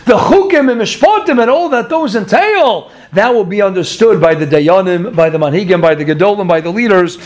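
A man's voice: high-pitched, animated, a little fast, hardly any pauses. A man teaching a Torah class, telling stories, asking his listeners rhetorical questions and chuckling through his digressions. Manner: asks the audience rhetorical questions.

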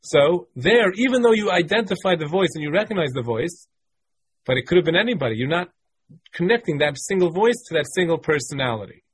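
A man with a slightly high, husky voice teaches a text-based Talmud class. He reads short passages aloud, translates them, and walks through each point patiently, often repeating phrases. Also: big pitch swings, fairly quick.

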